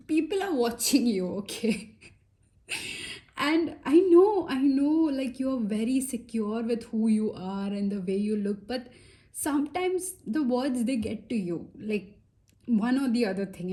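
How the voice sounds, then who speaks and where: Slow, mellow-voiced woman reading tarot. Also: a little high. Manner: chatty and reassuring, many fillers and asides, drops into soft whispers. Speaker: tarot reader. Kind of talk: casual pick-a-pile tarot reading.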